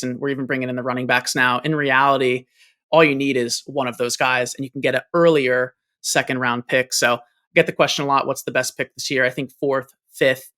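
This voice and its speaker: A man's voice: medium pitch, sharp tone. A man who is a guest analyst in a casual sports chat, confidently laying out his reasoning point by point.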